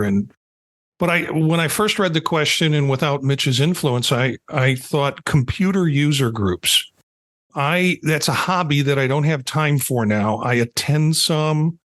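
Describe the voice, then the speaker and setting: A middle-aged man co-hosting a podcast, talking in a hesitant, measured way with many restarts. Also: mid-range voice, a bit bright. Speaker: podcast co-host. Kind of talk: casual chat.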